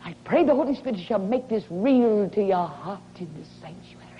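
A woman preacher delivering a sermon in a slow, dramatic way, often dropping into a whisper for effect. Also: mid-range voice, lively intonation. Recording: dull lo-fi recording with faint hiss.

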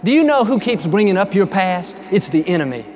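High-voiced upbeat male preacher. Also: sing-song, fairly quick. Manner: upbeat, emphatic preaching with folksy storytelling. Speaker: pastor. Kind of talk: sermon.

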